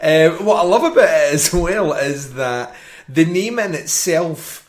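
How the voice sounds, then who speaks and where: A man's voice: on the high side, expressive, unhurried. A man co-hosting a film podcast in casual chat, enthusiastic, laughing often and restarting his sentences. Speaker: podcast co-host.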